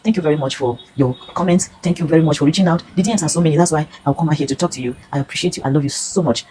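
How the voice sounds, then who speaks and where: Fast-talking Nigerian woman, low dark voice. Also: a little hiss or hum, rough recording. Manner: earnest, pleading, storytelling. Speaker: consumer reviewer. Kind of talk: emotional personal testimony.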